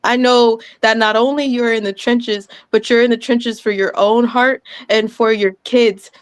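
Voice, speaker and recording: Woman, 30s, overwhelmed impassioned speaker, slightly high pitch, dry sound. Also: steady tone, measured pace, smooth, no room sound. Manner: emotional, loud and laughing, apologetic. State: sweating, overwhelmed. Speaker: guest speaker. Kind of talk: impassioned speech.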